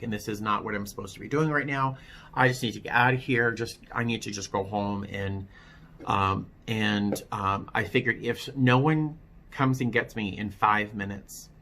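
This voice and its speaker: A man telling his own story in a personal testimony vlog, candid and wry, often halting and restarting his sentences. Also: on the low side, pushed and bright, slight background noise.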